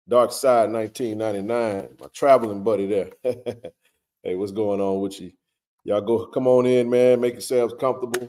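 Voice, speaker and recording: Man, live-stream host, casual, low mellow voice. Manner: laid-back, greets viewers by name, many fillers.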